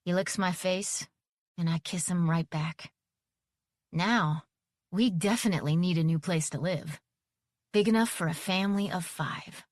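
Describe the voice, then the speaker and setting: A woman narrating a first-person audiobook, expressive and giving each character a voice. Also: fairly low pitch, measured pace, pauses often, no room sound, clean studio sound.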